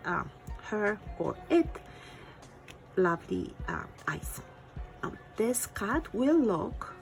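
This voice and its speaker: Woman art teacher, gravelly, lively pitch, faint music behind. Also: poor audio. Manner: encouraging, thinking aloud while drawing. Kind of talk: step-by-step drawing lesson.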